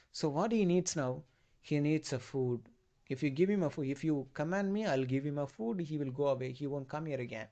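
Male literature lecturer, warm mellow tone, somewhat high, informal storytelling. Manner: retells the story with loose, halting phrasing and many fillers. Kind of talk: retelling a play in class.

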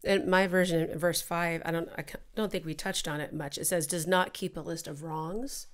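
A woman co-hosting a church Bible discussion, talking in a warm, devotional way about her own prayer life. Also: lowish voice, steady tone, moderate pace. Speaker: church podcast co-host. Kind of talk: casual reflective Bible discussion.

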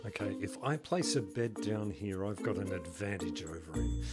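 A man's voice: on the low side, lively intonation, normal speed, loud music behind the voice. A man giving casual gameplay commentary as a channel host. He plays up mock outrage in a theatrical way and keeps breaking into laughter. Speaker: video game channel host.

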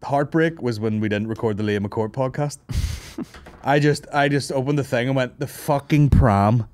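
Speaking from an office at normal speed, this Northern Irish podcast host has a medium-pitched, slightly mellow voice. Tired and hungover, he rambles through a funny story, cursing heavily and laughing often.

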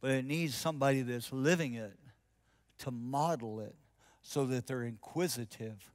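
This pastor, whose voice sits in the mid-range, moves at a moderate pace through a sermon story. He dramatizes both sides of a conversation, going quiet and intense to underline his key points.

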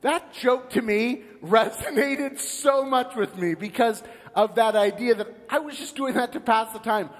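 A man's voice: high-pitched, big-room sound. A man preaching a sermon as pastor, telling stories and acting out the parts of a joke. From United States. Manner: storytelling, animated, acts out characters in a joke. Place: church sanctuary.

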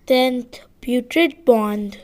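A woman reading a children's chapter book aloud, slow and deliberate, sometimes correcting and rereading lines. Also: a little high. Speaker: audiobook reader.

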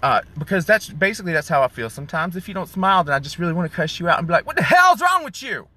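Man, chatty live-streamer, sassy; bright, slightly high voice, phone mic in a car. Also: rapid-fire. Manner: chatty, sassy, calls viewers y'all and honey. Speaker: vlogger doing a live stream. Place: in a car in the rain.

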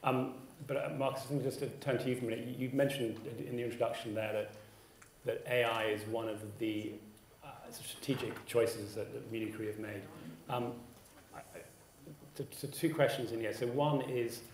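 A man's voice: fairly low pitch, slight background noise. A man moderating a conference panel, asking long questions with stumbling repeats. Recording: roomy panel hall from far off.

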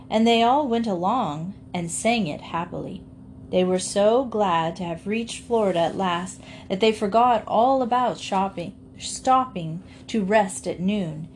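Woman storybook narrator, gentle and lively, faint hiss behind. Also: medium pitch. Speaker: audiobook reader.

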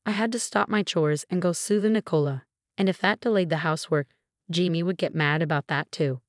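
A woman narrating a first-person story in an even, plain storytelling manner. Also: on the low side, a little fast, dry recording, studio quality.

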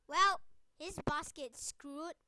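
A young woman talking over her gameplay in a high, very bright voice, exasperated and given to frustrated cries. She speaks slowly and drawn out between outbursts, and the sound is close and dry with no room around it. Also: dry recording. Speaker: gaming video creator. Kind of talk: let's play commentary.

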